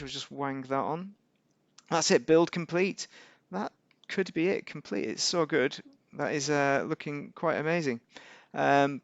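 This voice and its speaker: With no echo in the recording, this man's voice comes across as fairly high and gravelly. He's a gaming YouTuber offering loose, meandering commentary on gameplay, catching his own mistakes and tossing in wry remarks.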